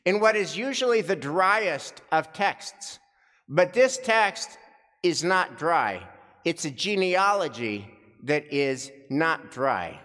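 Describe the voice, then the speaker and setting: Man preaching a sermon, slow, deliberate, repeats phrases for emphasis, fairly high voice, long hall reverb. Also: a bit bright.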